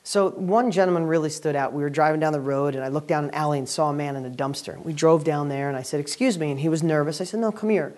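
A man hosting a weekly video and speaking to camera as a real estate educator, giving an energetic, upbeat motivational talk. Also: a little high, quick pace, few pauses.

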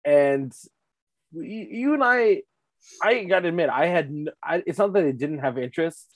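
A man co-hosting a casual movie review chat, animated and rambling, laughing often. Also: on the high side, moderate pace, no room sound. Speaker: podcast co-host.

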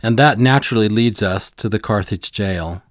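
A man's voice: lowish voice, moderate pace, no room sound, clean studio sound. A middle-aged man co-hosting a podcast, telling a story in an earnest scripted narration. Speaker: podcast co-host.

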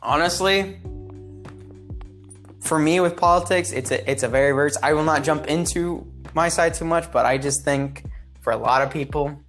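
A man's voice: fairly high pitch, normal speed, a bit bright, soft background music. A man appearing as a podcast guest, talking casually in a rambling, opinionated way and often restarting his sentences. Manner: rambling, opinionated, self-interrupting.

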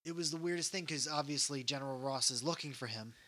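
Animated man, bright voice, movie chat. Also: medium pitch, fast. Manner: animated, acts out scenes in voices, laughs easily. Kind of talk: casual movie discussion.

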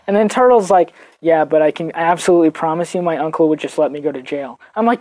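Young woman, podcast host, casual storytelling, animated, swears, lowish voice, acts out quoted voices. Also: quick pace, few pauses.

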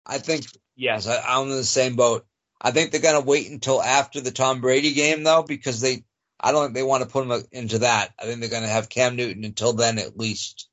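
A man's voice: mid-range voice, steady tone, a little fast, fairly bright tone. Easygoing man on dull lo-fi audio. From North Shore of Boston area. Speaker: podcast guest. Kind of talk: casual chat.

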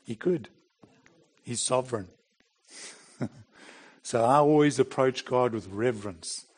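A man's voice: mid-range voice, takes it slowly. A middle-aged man preaching a sermon in a plain, conversational way, with bursts of emphasis. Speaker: pastor.

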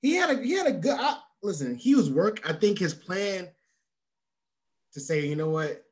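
A man's voice: high voice, big pitch swings, normal speed. Chill young guy cohosting a podcast, swearing, voice swings up and down a lot. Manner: laid-back, profane, trailing off quietly. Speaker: podcast co-host. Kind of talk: casual chat.

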